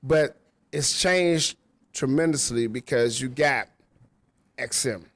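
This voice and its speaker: A man's voice: mid-range voice, takes it slowly, dry recording. Slangy man, dry close sound. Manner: loose, slangy, storytelling. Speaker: radio DJ guest. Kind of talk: casual chat. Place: rooftop venue.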